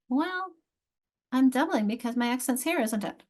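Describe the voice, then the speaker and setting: A woman instructor teaching other teachers, thinking aloud and sounding out words slowly, repeating each one. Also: fairly high pitch, expressive. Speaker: literacy instructor.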